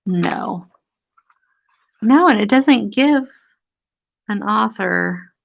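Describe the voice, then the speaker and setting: A woman's voice: mid-range voice, expressive, drawn-out words, vocal fry. A woman hosting a casual live stream, amused and chatty, reading aloud from an old magazine with theatrical emphasis. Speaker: antique book seller hosting a live stream. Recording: dull lo-fi live stream audio.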